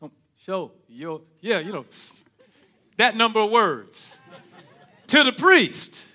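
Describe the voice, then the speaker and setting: A man a sermon, dropping to hushed murmurs and then rising to shouted, ringing cries. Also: high-pitched, big pitch swings, slow. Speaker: preacher.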